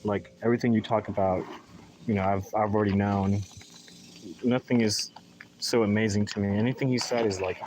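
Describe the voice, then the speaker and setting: A man's voice: fairly low pitch, fairly even intonation, fairly quick, a little mellow, a little hiss or hum, low-quality recording. A man chatting casually in a live vlog while potting plants in a garden, rambling with sarcastic mock enthusiasm, recorded on a phone in his hand. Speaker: gardening vlogger. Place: outdoor garden. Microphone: phone held in hand.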